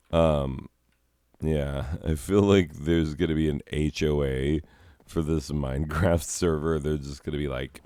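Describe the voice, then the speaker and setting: A man's voice: rumbling low, darkish tone, clear, resonant tone, no room sound. A man giving casual gameplay commentary as a video host, rambling along with joking asides.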